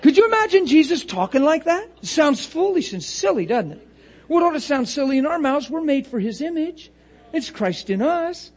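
A man preaching a lively sermon, laughing often and acting out little voices to make his points. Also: extremely high pitch, moderate pace.

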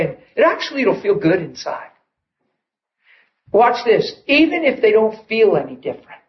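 Male preacher, high voice, animated storyteller; dull lo-fi recording with faint ambience. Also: a little hiss or hum. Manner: animated, acts out people's lines. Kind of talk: sermon with storytelling.

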